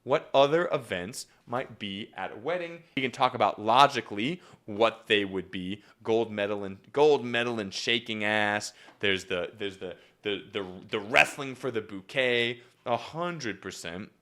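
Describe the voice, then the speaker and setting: A man's voice: a little slow, few pauses. A young man coaching comedy writing on a live stream, talking casually with lots of fillers and restarts and jumping into acted-out bits. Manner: animated, jumps into acted-out bits with big pitch swings; repetitive fillers (yep, okay), restarts.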